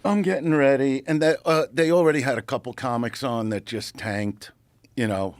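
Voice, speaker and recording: Middle-aged new guy cracking up a podcast with a crude animated story, dry close mic. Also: medium pitch, moderate pace, no room sound. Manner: animated, profane, acts out quotes. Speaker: comedian guest.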